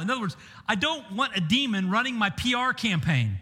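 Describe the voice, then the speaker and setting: A man's voice: high voice, very animated, normal speed, bright, forceful tone, in a large hall. A man preaching a sermon in an emphatic, conversational way, asking the listeners questions. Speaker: pastor.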